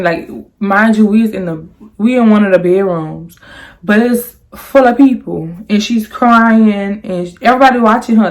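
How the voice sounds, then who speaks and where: Animated young woman telling a story. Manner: animated, jumps high on quoted lines; rambling with many restarts and "like". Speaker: storyteller vlogger. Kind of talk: casual storytime.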